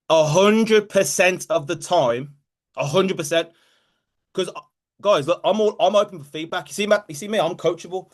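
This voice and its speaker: A man's voice: high-pitched, moderate pace. A man hosting a group call as a motivational coach, talking directly and emphatically and repeating key phrases.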